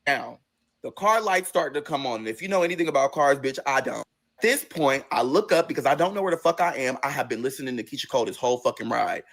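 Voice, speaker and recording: A man telling a personal story in a casual, profane way, his pitch swinging between low, quiet stretches and high, excited bursts. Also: fast talker. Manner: acts out quoted voices in a high register.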